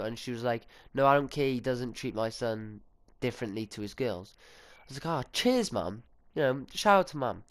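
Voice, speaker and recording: A man's voice: medium pitch, smooth. A teenage boy, telling a story in a casual, rambling way, swearing and acting out what others said. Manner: sweary, chatty, full of fillers and quoted dialogue. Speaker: storytime vlogger.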